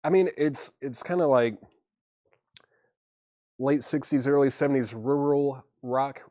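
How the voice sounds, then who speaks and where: A relaxed man hosts a live record sale from a shop, calling out albums, prices and buyers in an easygoing way. His voice sits at an ordinary middle pitch. The sound is dry, with no room echo. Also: unhurried. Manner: easygoing, reads prices and buyer names, chuckles at himself. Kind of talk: casual live-stream selling.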